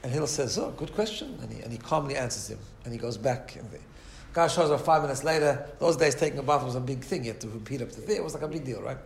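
A man's voice: medium pitch, fast, creaky, hardly any pauses, roomy sound, a little hiss or hum. A man teaching a Torah class in a conversational way, often asking "right?" and acting out the voices in his stories. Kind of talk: Torah lecture.

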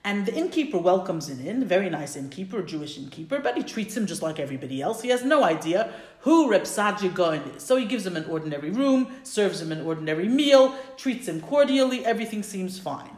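A woman teaching a prayer lesson, telling a story with enthusiasm and correcting herself as she thinks aloud. Her voice sits at an ordinary middle pitch. The room is roomy and echoing. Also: big pitch swings, a little fast, darkish tone. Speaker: religious teacher. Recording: roomy echo.

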